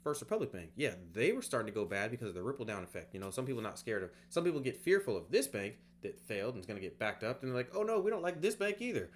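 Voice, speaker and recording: A man's voice: fairly low pitch, expressive, racing, hardly any pauses. A man explaining off the cuff at home, rambling and conversational, tossing in "right?" as he goes. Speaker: online course creator. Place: home, by a bed.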